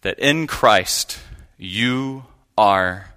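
A man's voice: on the low side, very slow, bright, forceful tone, smooth. A man giving a sermon from a church pulpit, preaching in an earnest, conversational storytelling way. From United States. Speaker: guest preacher.

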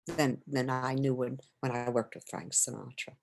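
An older woman, a stage singer, telling lively anecdotes in an interview, acting out quotes and laughing often. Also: extremely low pitch, moderate pace, gravelly. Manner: animated storyteller, acts out quotes, laughs often.

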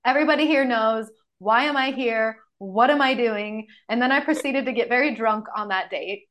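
A young woman hosting a podcast, her fairly high voice candid and animated as she trades stories in casual chat. She swears freely and talks frankly. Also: moderate pace, heavy background noise. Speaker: podcast host.

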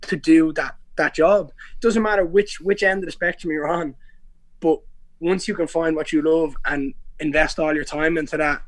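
Young irish guy rambling thru a story on a podcast, kinda high voice, dry close sound. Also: fairly even intonation, moderate pace, no room sound. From Ireland. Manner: rambling storytelling with many restarts and slang. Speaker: guest, pro MMA fighter. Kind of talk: casual podcast interview.

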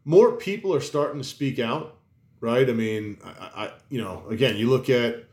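A man's voice: medium pitch, normal speed, a little mellow. A man chatting casually on a podcast, rambling and emphatic, swearing, with many restarts. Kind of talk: casual chat. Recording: roomy echo.

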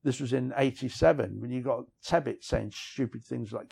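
A man's voice: mid-range voice, moderate pace, creaky, a little mellow, slightly rough. A middle-aged man, a writer and interview guest, telling frank personal stories in a rambling way, often saying "you know what I mean". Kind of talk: candid personal storytelling.

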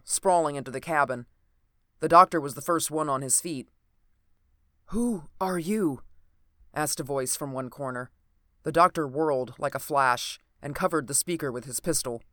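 Steady audiobook narrator, dry close sound. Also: mid-range voice, dry recording. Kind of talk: audiobook narration of an adventure novel.

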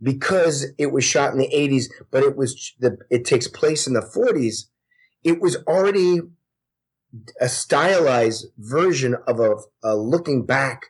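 A man in his forties talks as a podcast guest, with a slightly husky, breathy voice at a middle pitch. He tells stories with animated energy and drops profanity freely. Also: a little slow. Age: 40s. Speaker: guest actor. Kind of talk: casual podcast chat.

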